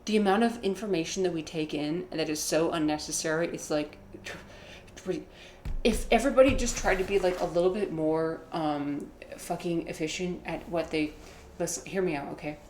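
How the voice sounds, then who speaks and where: Low-voiced woman streaming a game. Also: normal speed, a little mellow, roomy sound, a little hiss or hum. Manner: rambling, playful, self-mocking asides. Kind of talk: casual live gaming commentary.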